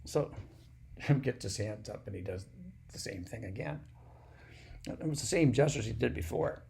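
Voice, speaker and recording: A man telling a personal story in a plain, unhurried, folksy way. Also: mid-range voice, lively intonation, gravelly, a little mellow, slight background noise.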